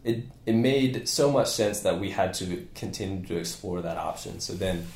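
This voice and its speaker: A man who owns a physical therapy clinic, talking as a guest in a casual podcast interview, energetic and rambling with many fillers and restarts. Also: low-pitched, moderate pace, reverberant.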